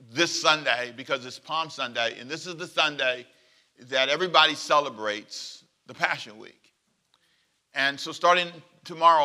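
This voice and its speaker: A man preaching a sermon as pastor, animated and joking, drawing the congregation into call and response. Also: mid-range voice. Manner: animated, plays out quoted voices and jokes with the congregation.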